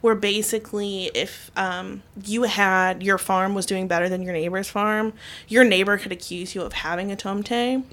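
A woman's voice: medium pitch, steady tone, normal speed, a bit bright. A woman co-hosting a casual podcast, explaining folklore with frequent ums and likes. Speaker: podcast co-host. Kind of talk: casual chat.

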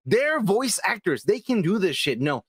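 Excitable, profane man with a high, lively voice. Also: moderate pace, slightly rough, no room sound. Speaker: podcast co-host. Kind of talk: casual podcast chat.

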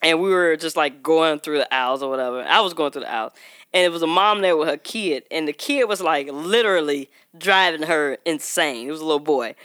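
A woman co-hosting a podcast, talking in with a bright, forward tone. She tells stories in a lively way and laughs often. The sound is close and dry. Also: fairly quick, no room sound. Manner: animated storyteller, acts out quotes in a high voice, laughs often. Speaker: podcast co-host. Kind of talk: casual chat.

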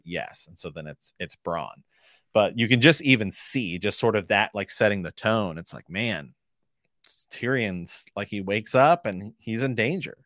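A man with a lowish voice talks through a book in a relaxed podcast chat. He rambles and restarts his sentences. The sound is dry and close to the mic. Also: measured pace, no echo. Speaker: podcast co-host. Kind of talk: casual book discussion.

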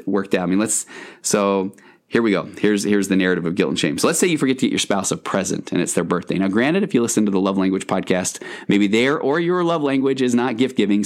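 A man hosting a podcast as a counselor, talking in an earnest, conversational and meandering way. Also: lowish voice. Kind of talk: podcast monologue.

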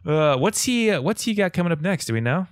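A man's voice: a little high, sing-song, fairly quick, no room sound. A man hosting a casual conversation about movies, enthusiastic and asking questions.

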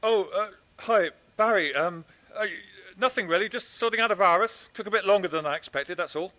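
A man's voice: high-pitched, brisk, bright, forceful tone. An actor playing an easygoing man who jokes around and slips into a mock Italian accent, in a radio drama. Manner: breezy, joking, puts on a mock Italian accent. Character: easygoing adult man, the woman's partner.

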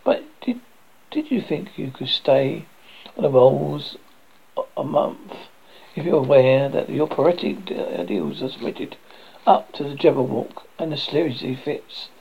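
A man with a gravelly, husky voice reads an old ghost story aloud as a horror host. His pitch rises and falls in lively swings, and he often stumbles and restarts a phrase. The recording is dull and lo-fi. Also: measured pace. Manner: stumbling, restarting reading with dramatic swings in loudness.

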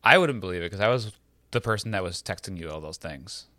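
A man's voice: sits low, animated, quick pace, bright, forceful tone, dry recording, clean studio sound. A man co-hosting a podcast, jokey and self-mocking in casual chat. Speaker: podcast co-host.

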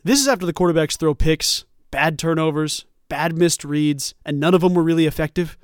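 A man hosting a college football commentary show, talking in an animated, emphatic and sarcastic way. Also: a little high, brisk, clear, resonant tone, dry recording, studio quality. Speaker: sports show host.

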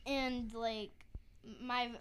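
Woman on a podcast mic, kinda high and super clear voice, gets all emotional and jittery. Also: extremely slow. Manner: emotional, excitable, stumbles over words. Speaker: podcast co-host. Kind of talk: casual chat about a musical. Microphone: desk microphone.

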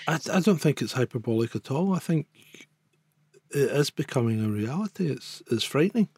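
A Scottish man co-hosting a casual chat, an animated storyteller who swears freely and acts out other people. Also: mid-range voice, fairly quick, husky, dry recording. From Scotland. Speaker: podcast co-host.

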